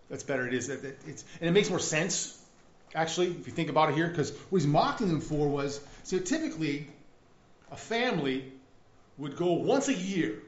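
Animated preacher man in an echoey room. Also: fairly high pitch. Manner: animated, conversational, often asks "right?". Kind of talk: sermon. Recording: echoey room, dull lo-fi sound.

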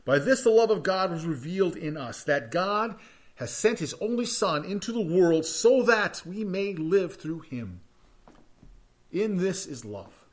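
Male pastor, slightly high voice with lively swings, reading scripture with hushed asides. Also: a little slow.

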